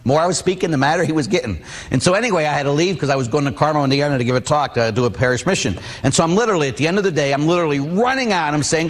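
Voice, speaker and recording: A man's voice: on the high side, animated, fast talker. A middle-aged man, a Catholic priest, preaching a sermon, telling personal stories and asking the audience questions. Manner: storytelling, rhetorical questions to the audience. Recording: long hall reverb.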